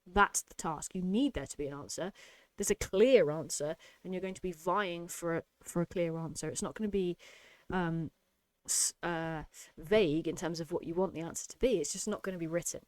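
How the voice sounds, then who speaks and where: A woman's voice: fairly low pitch, moderate pace, no echo. A woman teaching an exam-prep lesson, emphatic and explanatory, often checking in with "okay?". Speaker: English tutor.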